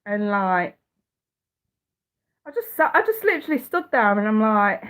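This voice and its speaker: A woman's voice: fairly high pitch, expressive, normal speed, pauses often, a bit bright. A woman with a blocked, stuffy nose, hosting a casual livestream as a psychic reader, chatty, swearing freely and laughing often. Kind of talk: casual livestream chat answering viewers.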